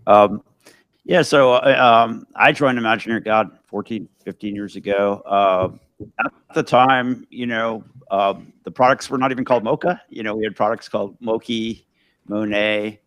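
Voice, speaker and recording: A man on a video call reminiscing casually, relaxed and filler-heavy. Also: fairly low pitch, moderate pace, no room sound. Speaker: guest.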